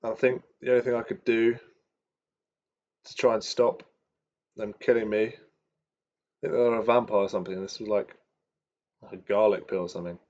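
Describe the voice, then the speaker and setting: A man's voice: lowish voice, steady tone, normal speed, long pauses, a little mellow. A young man streaming his live trading, thinking aloud with muttered, chatty asides, in a dull lo-fi recording. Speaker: day trader streaming live.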